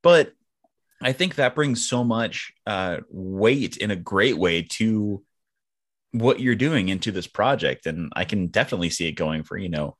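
Eager man hosting a podcast, lowish voice. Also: animated. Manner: enthusiastic, halting restarts. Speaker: podcast host. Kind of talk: casual podcast interview.

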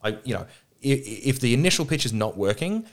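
A man's voice: medium pitch, very animated, fast talker. A man chatting on a podcast at a table, a film producer who swears freely and tells stories with acted-out quotes. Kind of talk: casual podcast chat. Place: around a table with two others.

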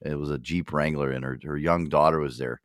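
A man's voice: very deep voice, steady tone, a little fast, dry recording, clean studio sound. A man hosting a podcast, telling stories in casual, profane banter and laughing often. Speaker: podcast host.

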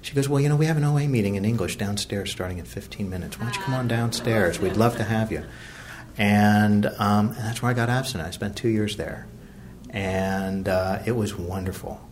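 A middle-aged man from Virginia tells his recovery story in a rambling, self-deprecating way, full of fillers and restarts. His voice sits a little low. A faint hum of room noise runs behind him. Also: fairly quick. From Virginia, USA. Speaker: recovery meeting speaker.

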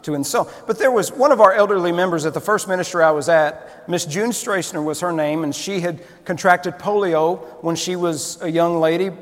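Storytelling pastor in an echoey church. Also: male voice, high-pitched, moderate pace, hardly any pauses. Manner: conversational storytelling, frequent restarts. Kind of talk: sermon.

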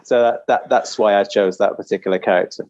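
Low-voiced author on a dull line. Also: male voice, steady tone, fairly quick, a little mellow, no echo. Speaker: author guest. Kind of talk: casual podcast interview.

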